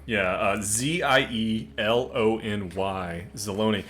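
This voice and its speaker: A man's voice: fairly low pitch, slow, a bit bright, a little hiss or hum. A man narrating as game master of a tabletop game, loose and laughing, with plenty of filler.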